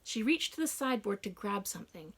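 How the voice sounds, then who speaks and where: A woman narrating a first-person audiobook in a hushed, dramatic reading. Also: mid-range voice, lively intonation, brisk, husky.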